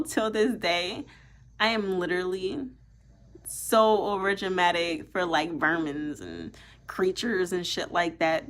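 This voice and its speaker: A young woman vlogger telling a personal story straight to camera. She speaks in an animated, emphatic way, swearing freely and leaning on "like" throughout. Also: fairly low pitch. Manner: animated, profane, emphatic, heavy use of "like". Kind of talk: casual storytime monologue.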